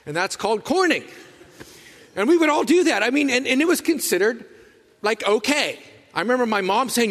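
A man's voice: very high voice, expressive, normal speed, fairly bright tone. A man preaching a Sunday sermon as pastor, in a folksy, storytelling manner with casual asides. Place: church sanctuary. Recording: long hall reverb.

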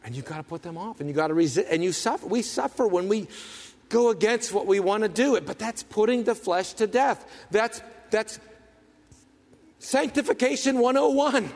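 Pastor, male, high-pitched, emphatic preaching with rhetorical questions, long hall reverb. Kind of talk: sermon.

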